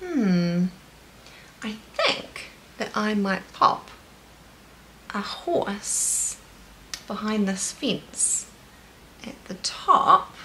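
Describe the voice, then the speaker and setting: A woman's voice: mid-range voice, sing-song, drawn-out words, long pauses, pushed and bright, a little hiss or hum. A woman with a New Zealand accent teaching toddlers in a sing-song, encouraging way, with delighted gasps. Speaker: children's teacher. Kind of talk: slow, animated toddler lesson.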